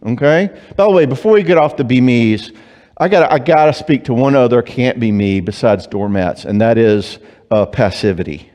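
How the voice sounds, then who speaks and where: A man speaks as a Christian psychologist at a marriage conference. He is animated and joking, often slipping into quick voices for clients and spouses. His voice rings with the long reverb of a church hall. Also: mid-range voice. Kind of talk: conference talk.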